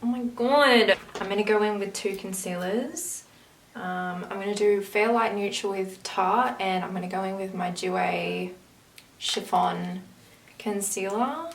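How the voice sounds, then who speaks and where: A woman's voice: mid-range voice, unhurried, gravelly. A woman talks unhurriedly through her makeup routine, drifting into chatty asides. She sits back from the camera mic, so her voice sounds distant in an echoey room with a faint hiss underneath. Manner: chatty, rambling asides while working. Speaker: makeup vlogger. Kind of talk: casual makeup tutorial chat.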